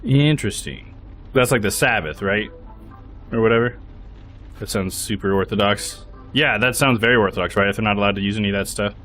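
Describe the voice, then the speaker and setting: A man's voice: lowish voice, a little fast, fairly bright tone, faint music behind. A man streaming a live game playthrough, thinking aloud, laughing often and hedging his opinions.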